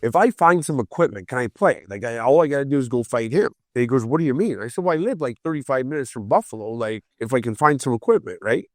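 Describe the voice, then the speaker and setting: A man in his forties tells a story on a podcast with lots of energy. He jumps into the voices of the people in the story and stumbles over his words when he gets excited. The sound is close and dry, with no room around it. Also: medium pitch, fast, few pauses, no room sound. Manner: animated, acts out quoted voices, repeats words when excited. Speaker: guest storyteller.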